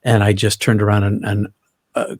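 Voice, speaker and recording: Middle-aged male guest, husky and lowish, earnest vivid storyteller who restarts his phrases. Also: little pitch movement, normal speed, a little mellow, dry recording, clean studio sound. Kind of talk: personal storytelling in an interview.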